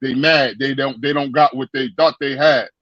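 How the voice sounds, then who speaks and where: A man telling a story in a casual chat, animated and profane, with lots of stammered restarts, on dry lo-fi stream audio. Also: mid-range voice, moderate pace, no echo. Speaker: guest.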